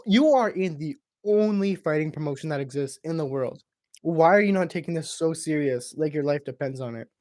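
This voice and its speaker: Male streamer, slightly high voice, foul-mouthed and mocking, dry close sound. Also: a little mellow, dry recording. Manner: crude, profane, mocking banter. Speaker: streamer hosting a watch party. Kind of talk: casual live reaction commentary.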